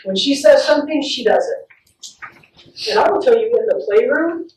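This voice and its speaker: A woman play therapist giving a faith-based parenting talk, telling stories with animated acted-out quotes. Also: high voice, measured pace, slight background noise. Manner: warm, animated storytelling with acted-out quotes and laughs. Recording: echoey room, picked up from a distance.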